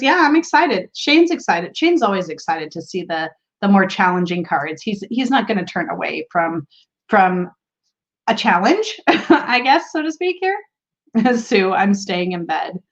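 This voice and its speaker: A woman with a slightly high voice hosts a tarot livestream from home. She chats casually, laughs often and reads out viewer comments. Her audio comes through dull and lo-fi. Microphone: streaming setup mic.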